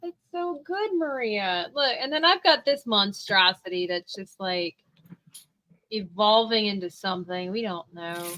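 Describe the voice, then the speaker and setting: Bright-voiced, gushing woman host. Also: medium pitch, unhurried, rough recording. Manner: upbeat, gushing, joking. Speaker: livestream host. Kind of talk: casual chat while drawing.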